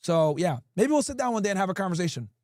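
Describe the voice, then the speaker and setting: Very animated and fast, this livestream host has a high, slightly mellow voice in a dry, studio-quality recording. He chats casually and reads viewers' comments aloud, bluntly and profanely addressing chat directly.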